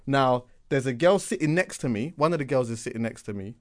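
A man telling a long story on a podcast in a lively, animated way, repeating words for effect and checking in with "yeah?". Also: medium pitch, brisk. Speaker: podcast co-host. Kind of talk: casual storytelling chat.

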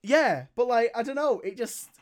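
A man's voice: extremely high pitch, animated, moderate pace. A young man, co-hosting a casual film chat, rambling and swearing with lots of restarts. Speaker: podcast co-host.

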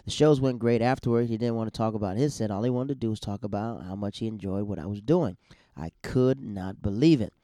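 A man's voice: on the low side, a little fast, mellow, dry recording, studio quality. A man, a stand-up comedian, hosting a podcast in a loose, chatty monologue full of restarts.

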